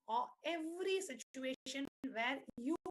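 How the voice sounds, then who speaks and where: A woman's voice: high voice, animated, measured pace, slight background noise. A woman leading an online spiritual workshop, giving earnest step-by-step instructions and repeating key terms.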